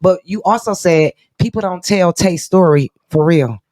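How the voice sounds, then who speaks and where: A woman's voice: fairly low pitch, normal speed, a little mellow. A woman co-hosting a casual interview show, speaking in a fervent, encouraging, sermon-like way. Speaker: talk show co-host.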